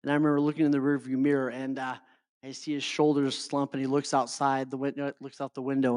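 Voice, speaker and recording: A man's voice: medium pitch, monotone, quick pace, darkish tone, no room sound, clean studio sound. A middle-aged man giving a motivational talk to a live audience as a life coach. He keeps checking in with his listeners and often stumbles over and repeats his words.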